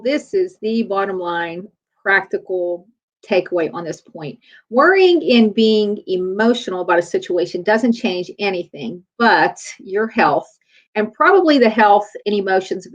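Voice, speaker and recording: A middle-aged woman speaking in a relaxed, conversational way. She gives a faith-based motivational talk, and her pitch rises and falls a lot. The recording sounds dull and lo-fi. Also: unhurried. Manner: conversational storytelling. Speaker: chiropractor.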